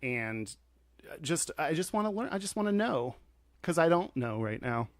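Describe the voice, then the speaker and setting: A man's voice: on the high side, very animated, moderate pace, dry recording, studio quality. A male podcast co-host in casual chat, giggly and rambling, with stumbling restarts.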